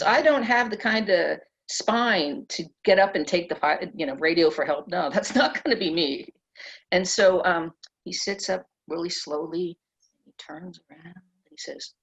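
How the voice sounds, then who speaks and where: A middle-aged woman author being interviewed at a press club event, telling stories in an animated way and laughing often. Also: on the low side, moderate pace, breathy edge. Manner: animated, laughs often, acts out quoted voices. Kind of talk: conversational storytelling. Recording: dull lo-fi event recording.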